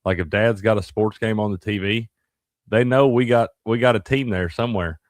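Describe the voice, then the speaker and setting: Chill jokey guy, lowish voice, dry mic, sports podcast banter. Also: normal speed, dry recording. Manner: laid-back, chatty, jokey. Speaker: podcast co-host. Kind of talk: casual sports chat.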